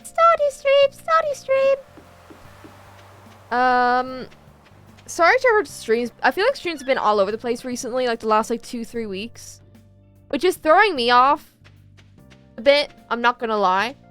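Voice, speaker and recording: A woman's voice: fairly high pitch, animated, normal speed, fairly bright tone, soft background music. Chatty woman streaming a farming game. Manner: chatty, rambling, talks to chat while playing. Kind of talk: casual game-stream chat.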